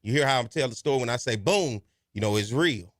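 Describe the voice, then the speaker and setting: A man's voice: medium pitch, expressive, fast, fairly bright tone, dry recording, clean studio sound. A man hosting a podcast, giving folksy, repeated advice and telling stories in a casual, colloquial way. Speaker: podcast host. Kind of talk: casual advice monologue and storytelling.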